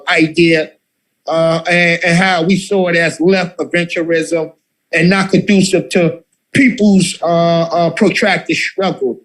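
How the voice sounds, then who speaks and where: A man with a high-pitched voice leads a political study group. He speaks fiery and impassioned, circling back over his own phrases and stumbling through "uh"s as he presses his point. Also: fairly bright tone, low-quality recording. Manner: fiery, repeats phrases, many fillers.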